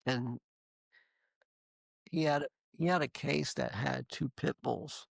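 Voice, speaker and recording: Gravelly husky guy telling old work stories, lots of restarts, dry close sound. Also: medium pitch, slow, dry recording. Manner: animated, laughing anecdotes with acted quotes; frequent restarts and fillers. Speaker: interview guest. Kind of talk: casual storytelling.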